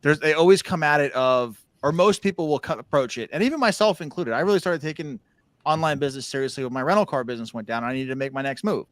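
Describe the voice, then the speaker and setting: Male podcast co-host, a touch higher pitched, dry recording, easygoing. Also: animated, fast, no echo. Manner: laughs easily, agreeable. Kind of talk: casual chat.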